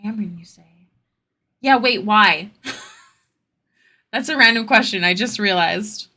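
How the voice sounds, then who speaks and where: A woman's voice: medium pitch, takes it slowly, pushed and bright. A young woman streamer chatting casually with her viewers while she draws, answering their questions in rambling asides.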